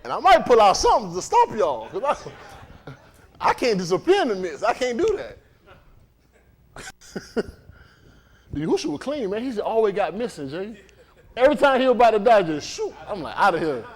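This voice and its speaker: A man's voice: high-pitched, moderate pace, long pauses. A man preaching a livestreamed sermon in a conversational way, often putting questions to the congregation. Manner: animated, conversational, quizzes the congregation.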